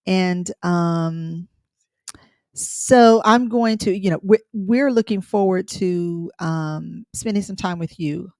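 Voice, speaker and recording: A woman's voice: fairly low pitch, slow pace, a little mellow, no room sound, studio quality. A middle-aged woman co-hosting a livestream, chatting casually with many fillers and restarts. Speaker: co-host.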